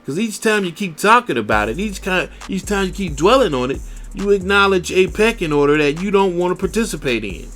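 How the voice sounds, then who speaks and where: A man's voice: high-pitched, animated, brisk, a bit bright, soft background music. A man hosting a radio show, ranting in a blunt, profane and preachy way. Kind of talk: profane solo radio rant.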